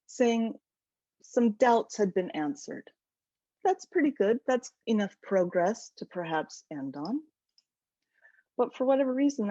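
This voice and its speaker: A woman author gives an animated, enthusiastic webinar lecture about her book over a video call. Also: mid-range voice, dry recording. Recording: dull lo-fi webinar audio.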